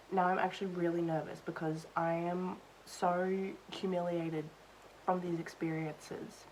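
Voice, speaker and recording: A woman's voice: lowish voice, a little hiss or hum, rough recording. A young woman vlogger chatting casually while doing her makeup, rambling through awkward work stories with lots of "like" and self-deprecating asides. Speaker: beauty vlogger.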